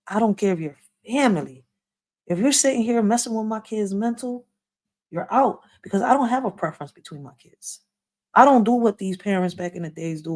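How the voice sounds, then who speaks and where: Speaking on the low side with a slightly mellow quality, a woman runs a casual live story time for her viewers. Her talk is blunt, streetwise and full of swearing, with "yo" and "like" cropping up again and again.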